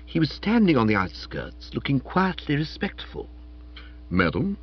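A man narrating a comic story in the first person, in a lively, playful reading. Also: a little high, normal speed, breathy edge. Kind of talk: scripted audiobook narration. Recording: dull, muffled audio.

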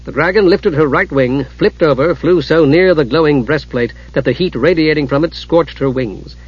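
A man narrates a fantasy novel in a steady, dramatic reading. His voice is husky and a little high. The audiobook recording sounds dull and lo-fi. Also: normal speed.

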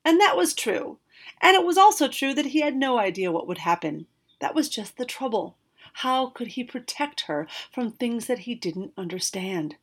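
A woman narrating a fantasy storybook aloud, expressive, with occasional slips and restarts. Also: on the high side, moderate pace, slightly rough.

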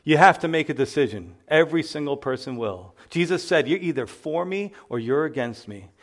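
A male pastor preaching a sermon, building to loud emphatic exclamations. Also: a little high, animated, brisk.

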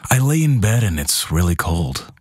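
A man reading crude internet stories aloud in a flat, plain way. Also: sits low, moderate pace, dry recording, studio quality. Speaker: narrator.

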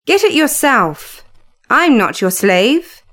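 A woman's voice: medium pitch, unhurried, lightly acted. A woman doing a surly young servant lad. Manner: growling, rude.

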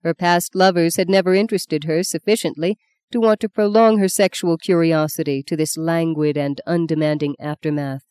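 A woman narrating an audiobook in a measured, intimate way. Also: low-pitched, fairly even intonation, a little mellow, clear, resonant tone, no room sound.

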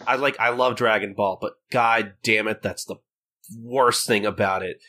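A man's voice: on the low side, moderate pace. A man hosting a podcast in casual chat, joking and acting out the scenes he retells. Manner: animated, jokey, acts out scenes. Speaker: podcast host.

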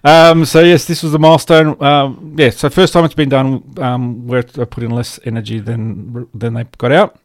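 A man hosting a casual science podcast, chatty and quick to laugh. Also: medium pitch, fairly even intonation, no room sound, studio quality. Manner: chatty, frequent fillers and restarts, laughs easily. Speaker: podcast host. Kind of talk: casual chat.

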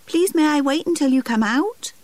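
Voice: high voice, normal speed, no echo, pitched above the performer's own voice. A narrator voicing an eager little boy. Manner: eager, polite, excited. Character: eager, curious small boy.

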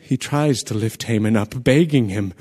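An actor playing a messenger in a radio play, telling a terrible event urgently and vividly. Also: male voice, lowish voice, normal speed, a little mellow, close to an everyday voice. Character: breathless male messenger bearing terrible news.

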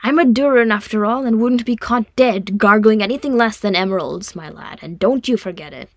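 Brief: woman reading as a hearty, boastful male dwarf in an audiobook, steady mid pitch. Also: a little fast, no echo, lightly acted. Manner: teasing, hearty. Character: gruff proud male dwarf warrior, boisterous.

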